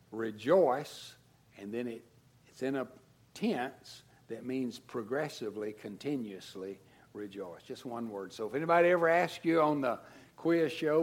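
A man preaching a sermon as pastor, swinging from raised emphatic lines down to soft, low endings. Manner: dynamic preaching, rising to emphasis then dropping low and soft.

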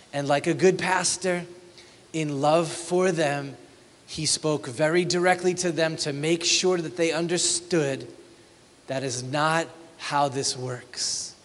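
A pastor preaching a conversational sermon, often asking the congregation if they feel it. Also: male voice, a little high, fairly even intonation, slow, a bit bright, in a large hall.

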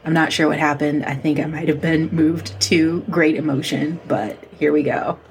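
A woman's voice: sits low, steady tone, normal speed, a little hiss or hum. A woman hosting a podcast, narrating casually and chattily, with lots of ums and self-deprecating asides. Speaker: podcast host.

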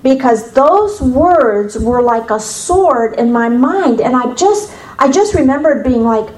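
A woman from the United States shares her faith testimony with an audience in a somewhat high voice. She tells it as a lively story, with playful asides to her listeners. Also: slow, low-quality recording. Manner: lively storyteller, humorous asides, acts out dialogue.

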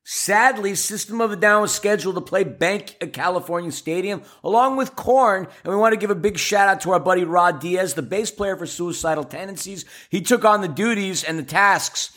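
A man with a fairly high voice chats on a sports podcast. He sounds laid-back and playful, with an easy, conversational flow. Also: normal speed, few pauses, fairly bright tone. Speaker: podcast co-host. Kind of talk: casual sports podcast chat.

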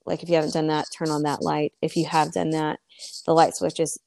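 A woman shares her faith in a heartfelt, preaching way, her voice gravelly and slightly low. She sounds close to tears and very sincere. The mic is close and the sound is dry. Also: level tone, fairly quick, mellow, no room sound. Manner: earnest, tearful, preaching tone. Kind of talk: faith podcast conversation.

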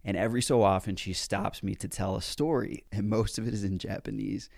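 Deep gravelly man telling a story. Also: brisk, dry recording, clean studio sound. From United States. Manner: casual, animated, mild swearing. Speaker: self-help speaker. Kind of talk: personal storytelling talk.

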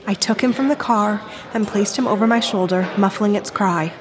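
An actress playing a grieving, distraught woman who took a baby, in an audio drama, speaking in a shaky, pleading, quiet way. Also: mid-range voice, moderate pace, crowd noise, close to an everyday voice. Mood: distraught confession.

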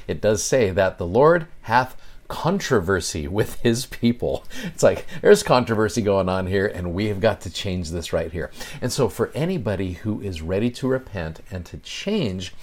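A man hosting a scripture study podcast, teaching casually and with enthusiasm, slowing down to read verses with emphasis. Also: on the low side, a little mellow.

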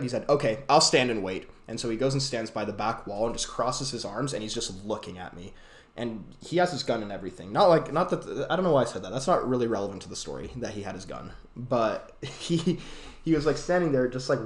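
Young male podcast host, casual rambling storyteller, mid-range voice, roomy echo. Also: medium pitch. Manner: rambling, many fillers and restarts.

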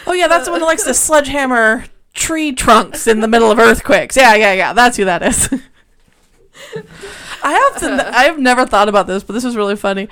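A woman's voice: on the high side, moderate pace, fairly bright tone. A woman co-hosting a podcast, chatting casually and teasing her friend, often laughing. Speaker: podcast co-host. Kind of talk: casual chat.

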